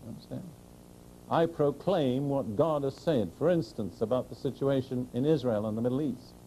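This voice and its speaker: A man preaching a sermon to a congregation, speaking earnestly and directly, asking rhetorical questions, and slowing down to proclaim scripture. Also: medium pitch, warm tone, a little hiss or hum, poor audio. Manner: slows and rises to proclaim scripture.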